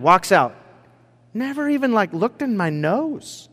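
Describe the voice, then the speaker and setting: A man preaching in a relaxed, conversational way, telling a personal story with lots of fillers and acted asides. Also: sits high, unhurried. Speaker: pastor. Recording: long hall reverb.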